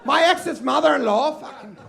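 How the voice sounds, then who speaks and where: An Australian man performing a loud, ranting stand-up set on a comedy club stage, often shouting. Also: very high-pitched, animated, moderate pace, creaky.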